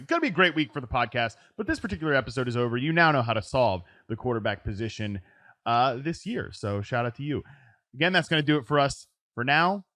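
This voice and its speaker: A man hosting a casual sports podcast, talking in quick bursts with frequent restarts and "right?" tags. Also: mid-range voice, a bit bright, no room sound. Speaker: podcast host. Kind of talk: casual fantasy football chat.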